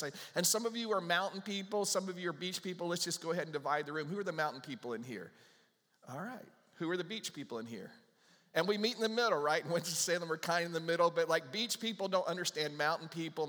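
Animated pastor preaching in a reverberant church. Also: male voice, on the high side, fairly quick. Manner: conversational, animated, acts out little dialogues. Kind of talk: sermon. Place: church sanctuary with a live congregation.

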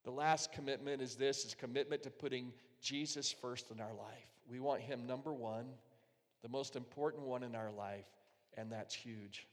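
A man preaching a sermon as pastor, earnest and emphatic, dropping to a hushed voice when he quotes prayers. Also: medium pitch, steady tone, moderate pace, in a large hall.

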